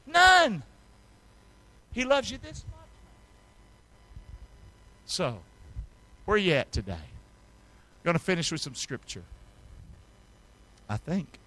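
A male pastor with a high, bright voice delivers a sermon. He leads the congregation in call-and-response and reads scripture aloud. His delivery drops to near-whispers, then climbs to loud, ringing passages. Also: wildly swooping pitch, takes it slowly, pauses often. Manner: call-and-response preaching, swings from hushed to loud.

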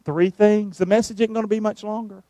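Man, preacher, sermon, dry close sound, high voice. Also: steady tone, brisk, no room sound. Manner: calls for responses, shouts the verses out.

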